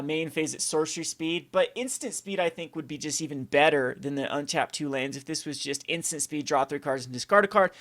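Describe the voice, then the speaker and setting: Chatty man reviewing cards, slightly high voice. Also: a bit bright. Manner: rambling, frequent restarts and fillers, enthusiastic. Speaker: card game channel host. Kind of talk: casual card review commentary.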